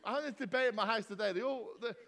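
Speaking rapid-fire in a very high, fairly bright voice, a male vicar jokes with and teases his congregation. The banter unfolds in a church hall with echoey reverb as he bounces questions off the crowd.

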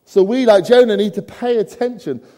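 Male preacher, high voice, warm tone, humorous asides, rhetorical questions, church sermon. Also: normal speed. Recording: long church reverb.

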